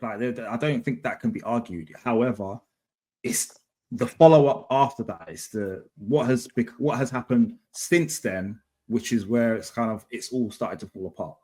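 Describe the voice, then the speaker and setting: A man co-hosting a casual wrestling podcast, opinionated and quick to jump in. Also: mid-range voice, mellow, husky. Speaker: podcast co-host.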